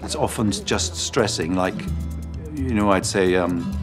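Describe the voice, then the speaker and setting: A man's voice: low voice, a little slow, over music. A British man, a dialect coach, explaining accent work thoughtfully in an interview. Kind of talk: making-of interview.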